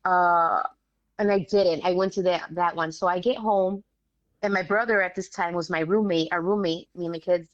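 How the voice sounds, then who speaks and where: A woman, a guest telling a story in casual animated talk, acting out the voices of others. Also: lowish voice, moderate pace, no room sound, muffled recording. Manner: animated, acts out quoted voices, swears casually.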